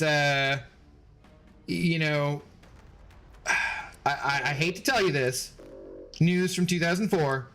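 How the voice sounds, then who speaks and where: A man's voice: a little high, a bit bright. A man chatting casually on a gaming livestream, laughing often, swearing loosely and thanking viewers by name. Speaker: streamer.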